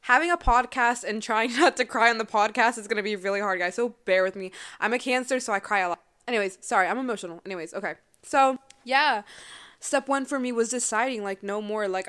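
A woman's voice: medium pitch, fairly bright tone, smooth. A woman in her twenties hosting a personal podcast, talking in a chatty, emotional way with lots of fillers. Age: 20s. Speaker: podcast host. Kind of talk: casual personal podcast monologue.

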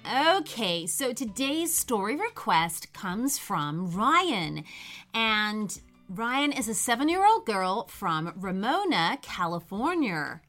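A woman's voice: medium pitch, very animated, slow, a bit bright, faint music behind. A woman hosting a children's podcast, cheerfully reading a story aloud to young listeners.

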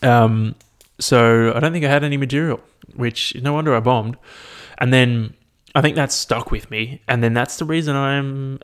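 A man's voice: medium pitch, normal speed, few pauses, smooth. A young man, hosting a podcast alone and chatting casually in a rambling, self-mocking way with plenty of swearing. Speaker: podcast host. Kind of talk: casual solo podcast chat.

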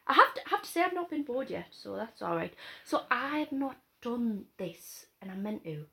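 A woman's voice: fairly high pitch, sing-song, moderate pace, gravelly, fairly bright tone. A young woman with a Geordie accent chatting casually as podcast co-host, giggly and swearing freely. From north-east England. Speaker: podcast co-host, drama school trained. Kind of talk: casual chat.

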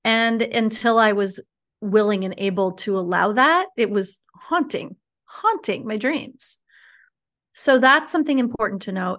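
A woman speaking as a divorce coach guest in a conversational podcast interview, animated, frank and casually profane. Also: mid-range voice.

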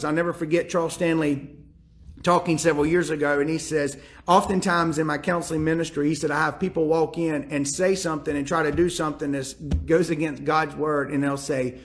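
A man preaching a sermon as pastor, with an impassioned delivery that climbs loud and high when pleading and drops low and quiet on somber words. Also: fairly even intonation, brisk. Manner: impassioned, rises sharply in pitch and volume when pleading.

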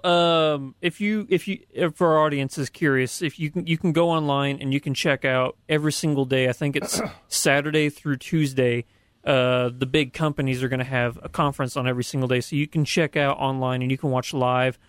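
A man co-hosting a podcast, explaining things in a steady casual way. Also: mid-range voice, clean tone, no room sound. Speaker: podcast co-host. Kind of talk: casual chat.

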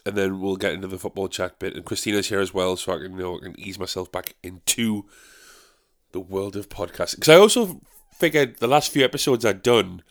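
A man's voice: low voice, brisk. Sweary rambling man. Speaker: podcast host. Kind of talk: casual podcast chat.

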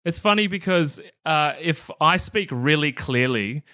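A man's voice: a little high, expressive, bright, forceful tone, no room sound. Aussie guy hosting a health podcast, upbeat and chatty, dry close mic. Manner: upbeat, chatty, quick to laugh. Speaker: podcast host. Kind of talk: enthusiastic podcast interview.

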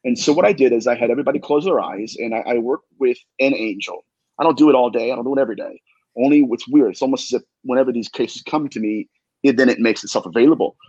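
Man, demonologist guest, husky voice, emphatic storytelling, dry room. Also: mid-range voice, fast talker, a little mellow, no echo, highs cut off. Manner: earnest, emphatic, repeats himself. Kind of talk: animated storytelling.

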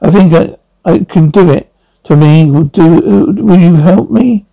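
A man's voice: fairly high pitch, measured pace, gravelly, dry recording, muffled recording. A man reading the part of the Doctor, a resolute male traveller urging others to listen. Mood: urgent.

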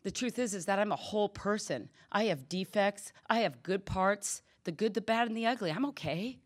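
A woman's voice: medium pitch, animated, moderate pace. A middle-aged woman giving a candid personal testimony at a recovery meeting, telling stories and acting out the quoted dialogue.

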